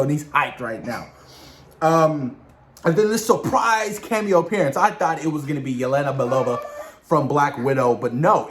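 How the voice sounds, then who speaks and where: A man hosting a casual spoiler discussion of a TV episode, talking excitedly in slang straight to his viewers. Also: a little high, slight background noise. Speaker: video host reviewing a TV episode.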